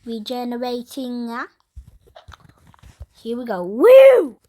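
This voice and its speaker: A woman's voice: a little high, fairly even intonation, takes it slowly, sharp tone. A woman hosting a playful gameplay video in a put-on Texas cowboy drawl, whooping often and calling everyone partner. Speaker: gaming video host.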